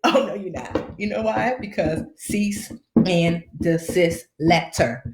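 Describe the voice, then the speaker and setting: Woman, slight lisp, low voice, slangy and playful, casual advice chat, roomy echo. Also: takes it slowly. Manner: animated, playful, slangy, acts out quoted voices. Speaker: personal finance host. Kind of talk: casual live-stream advice talk.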